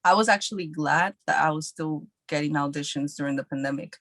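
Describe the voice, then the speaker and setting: Chatty actress, dry close mic. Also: female voice, deep voice, brisk, fairly bright tone, no room sound. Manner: chatty, repeats herself with fillers like "like". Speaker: actress, podcast guest. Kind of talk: casual interview chat.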